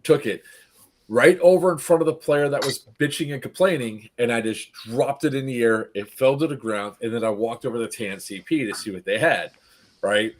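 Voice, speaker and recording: A man's voice: mid-range voice, normal speed, slight background noise. Man laughing through a game story. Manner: laughing storyteller, acts out players' lines. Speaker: event organizer recapping a game. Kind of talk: casual group chat recap.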